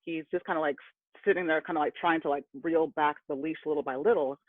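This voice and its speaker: A man's voice: a little high, steady tone, fast, no room sound. A man telling a candid personal story to an audience, heated when he recalls being angry. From California. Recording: tinny phone-like line.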